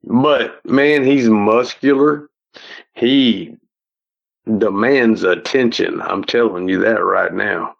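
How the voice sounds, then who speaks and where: A man's voice: fairly low pitch, takes it slowly, vocal fry, highs cut off. A middle-aged man with a Southern US accent, telling stories as a podcast guest in a folksy, rambling way with frequent restarts. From American South. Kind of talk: casual storytelling.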